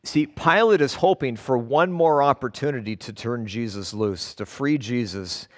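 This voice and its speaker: In a large, reverberant hall, a pastor preaches at normal speed with a medium-pitched voice. He reads scripture aloud and explains it earnestly and emphatically, leaning on each word separately.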